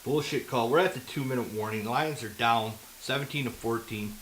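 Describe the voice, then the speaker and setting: A man's voice: medium pitch, a little fast, fairly bright tone, slight background noise. A man giving fan play-by-play commentary on a football game, ranting heatedly and profanely at the referees.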